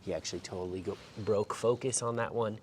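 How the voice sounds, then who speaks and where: Out in the open, a male dog trainer walks a puppy through drills, explaining aloud and sometimes going high and sing-song with praise. He sounds brisk and slightly rough.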